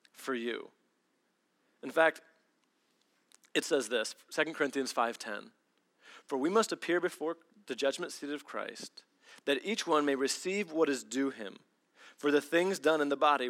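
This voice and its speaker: Male pastor, preaching; bright, slightly high voice; animated storyteller. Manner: animated storytelling, acts out voices with big swings. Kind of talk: sermon.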